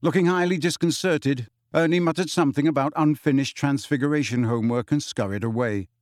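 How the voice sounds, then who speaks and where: Measured male audiobook narrator. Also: on the high side, dry recording, studio quality. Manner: measured, storytelling. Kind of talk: scripted narration.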